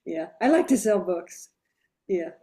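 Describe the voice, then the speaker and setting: A woman with an East Coast American accent, speaking in a relaxed interview. She is blunt and matter-of-fact. She laughs easily between her stories. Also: fairly low pitch, measured pace. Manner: blunt, laughs often while recounting. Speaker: publisher being interviewed. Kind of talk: casual conversational interview.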